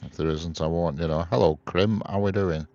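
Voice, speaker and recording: A man's voice: deep voice, fairly even intonation, moderate pace, warm tone, lo-fi sound. A man chatting casually outdoors on a railway live stream, reading viewers' comments aloud and answering them. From England. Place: outdoors beside a railway line.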